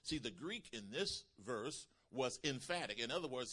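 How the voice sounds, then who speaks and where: A man preaching a sermon as pastor, emphatic and calling out to his congregation, building to shouts. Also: mid-range voice, animated, normal speed, hardly any pauses, husky. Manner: calls to the congregation.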